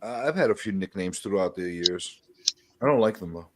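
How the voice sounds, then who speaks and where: A man's voice: deep voice, lively intonation, fairly quick, background noise. A man speaking emphatically, a bit exasperated, in a casual group chat. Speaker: channel host, guest in a group chat.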